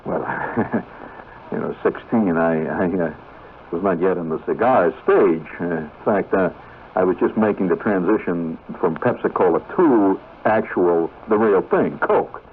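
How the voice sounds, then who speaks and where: Animated male radio storyteller, tinny. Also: deep voice, unhurried. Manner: conversational, animated, full of you-knows and restarts. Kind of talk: rambling radio monologue. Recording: tinny 1970s radio broadcast with faint hiss.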